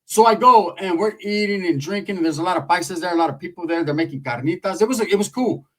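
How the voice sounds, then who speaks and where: A man's voice: high-pitched, fast talker, a bit bright, recorded from a distance, poor audio. A man from San Jose, California telling a casual story in a profane, streetwise way. His speech wanders loosely from point to point, and his voice sits a bit above the usual male range.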